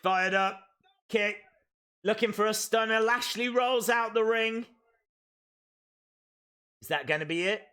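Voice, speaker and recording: Man, live stream host, watch-along reaction commentary, excitable, calling moves, high voice, bright tone. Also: measured pace, pauses often, clean tone.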